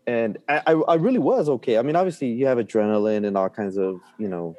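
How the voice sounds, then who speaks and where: A man's voice: mid-range voice, lively intonation, quick pace, warm tone, lo-fi sound. A middle-aged man telling a story in a casual chat, full of fillers and restarts, often laughing. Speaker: guest.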